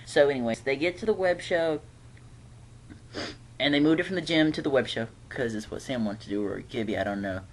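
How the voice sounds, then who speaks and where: A man's voice: medium pitch, brisk, slight background noise. A man giving a casual, rambling episode recap, chatty and laughing often. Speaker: TV episode reviewer.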